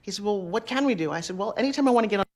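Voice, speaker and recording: A middle-aged woman telling career stories in an interview, acting out the dialogue with quick asides. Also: medium pitch. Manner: lively, acts out quoted dialogue, quick asides. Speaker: interview guest. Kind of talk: animated storytelling.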